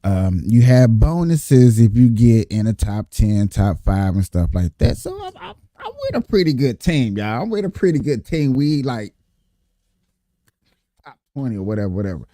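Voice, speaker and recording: A man with a dark, mellow voice tells a rambling, animated story straight to his viewers. He repeats phrases for emphasis and keeps calling out to his audience. The sound is dry and close, with no room around it. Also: lowish voice, moderate pace, dry recording. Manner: animated, repeats himself, addresses viewers as y'all. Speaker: vlogger telling a work story. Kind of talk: casual storytelling.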